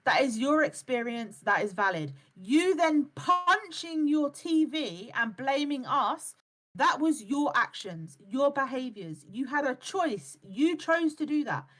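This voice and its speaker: Brief woman live streamer, fairly high voice, blunt and profane, lectures hard. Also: big pitch swings, a little slow, a bit bright. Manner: blunt, swears a lot, lectures and mimics others. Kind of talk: heated live-stream chat.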